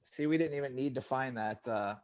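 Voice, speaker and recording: Man, 30s, podcast co-host, casual chat, lively, jumps into silly quote voices. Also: mid-range voice, brisk. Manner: animated, swearing, acts out quotes in funny voices.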